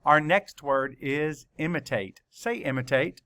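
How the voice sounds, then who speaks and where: A man leads a children's spelling lesson at an unhurried pace, sounding out each letter carefully. His voice is bright and forward, with a measured, patient delivery. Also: fairly high pitch, clear, resonant tone. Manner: slow, deliberate letter-by-letter dictation. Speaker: teacher.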